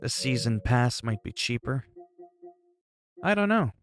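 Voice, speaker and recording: A man's voice: mid-range voice, sing-song, measured pace, music in the background. A man chatting casually on a livestream, reacting to chat messages and exclaiming as he talks.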